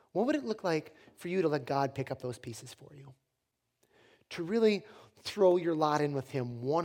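A male preacher giving a sermon with a personal story, joking at his own expense. His delivery is animated, rising loud and dropping quiet. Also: a little high. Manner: animated, self-deprecating humor.

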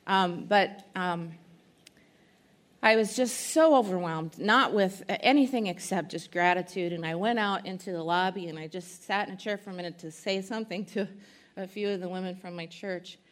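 A woman speaker at a church conference, telling an emotional testimony and teaching, earnest and halting with many fillers. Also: lowish voice.

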